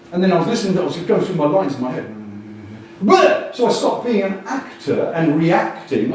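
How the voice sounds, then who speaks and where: A man delivers an animated keynote at a conference, his pitch jumping all over as he jokes and acts out little scenes. He sits a bit high for a man and sounds far from the mic. A big echoey hall rings around him, with faint room noise underneath. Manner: lively, jokey, acts out quotes in voices. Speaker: conference speaker.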